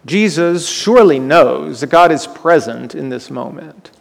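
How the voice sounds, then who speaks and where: A man's voice: on the high side, animated, a little slow, vocal fry, big-room sound. A male pastor preaching a sermon, retelling scripture dramatically and asking the listeners rhetorical questions.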